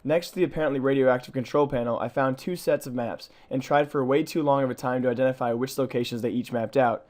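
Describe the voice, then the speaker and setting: A man narrates a video game walkthrough at a quick clip, with a voice of ordinary pitch for a man. He reads from a script in a brisk, matter-of-fact way and muses over the odd details he has found. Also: darkish tone. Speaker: gaming channel host.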